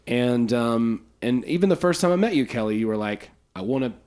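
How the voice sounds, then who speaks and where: A man's voice: mid-range voice, animated, normal speed, darkish tone, clean tone, no echo. Guy hosting a comedy podcast, chatty, lots of ums, dry close sound. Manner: chatty, with frequent fillers and self-corrections. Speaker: podcast host. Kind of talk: casual podcast chat.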